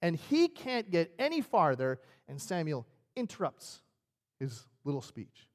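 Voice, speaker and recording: A man's voice: on the high side, huge pitch swings, unhurried. A male pastor preaching a sermon in a conversational, storytelling way. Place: church sanctuary. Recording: reverberant church sanctuary.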